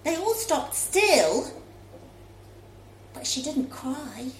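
A woman reading a story aloud in a child's first-person voice, expressive and lively. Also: extremely high pitch, slow pace, a little hiss or hum. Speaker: story reader. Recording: roomy echo, faint room ambience.

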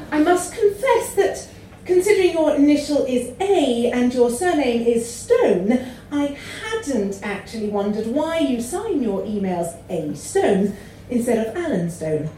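A woman's voice: high voice, sing-song, takes it slowly, warm tone, a little hiss or hum. Prim woman, echoey and distant. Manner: prim, polite, laughing at times. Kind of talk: comic letter reading. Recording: echoey room from far off.

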